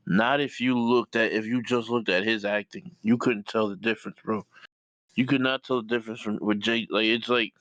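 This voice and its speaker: A man's voice: lowish voice, steady tone, moderate pace, fairly bright tone, dry recording, poor audio. Rambling young man saying "bro". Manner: rambling, fillers, says "bro" a lot. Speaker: co-host reacting to reviews. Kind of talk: casual profane banter.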